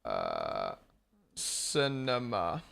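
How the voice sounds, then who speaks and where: A man's voice: deep voice, huge pitch swings, drawn-out words, creaky, fairly bright tone. A young man with a mixed Australian and New Zealand accent, hosting a live watch-along stream in casual, sweary chat, answering his viewers. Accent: Australian-New Zealand blend. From born in Australia, raised in New Zealand.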